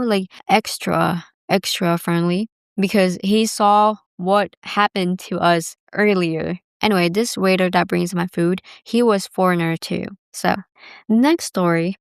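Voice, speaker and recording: A woman's voice: mid-range voice, clear, resonant tone, no echo, clean studio sound. Chatty young woman telling a story. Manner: chatty, lots of filler words, acts out others' voices. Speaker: vlogger. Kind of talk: casual storytelling to camera.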